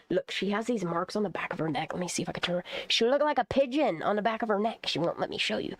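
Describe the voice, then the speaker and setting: A woman chatting casually at home while planning a garden, swearing freely and breaking into sweet high baby talk with her cat. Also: big pitch swings, brisk, hardly any pauses. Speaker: channel host.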